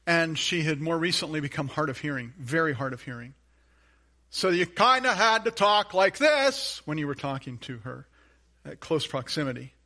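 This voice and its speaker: A man preaches a sermon in a bright, forceful voice that sits a little high. He is an earnest pastor telling a personal story. He circles back on phrases for emphasis and falls to a hushed tone on the points that matter most.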